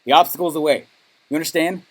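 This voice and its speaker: A man's voice: steady tone, very fast. Male business coach, punchy motivational delivery, keeps checking in with "okay?". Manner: high-energy, emphatic, keeps asking "okay?". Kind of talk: motivational training talk.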